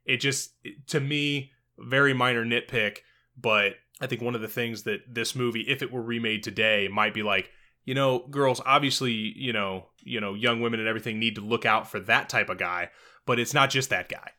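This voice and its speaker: A man co-hosting a casual podcast about a movie, animated and profane, laughing often. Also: medium pitch, moderate pace. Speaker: podcast co-host. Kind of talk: casual film discussion.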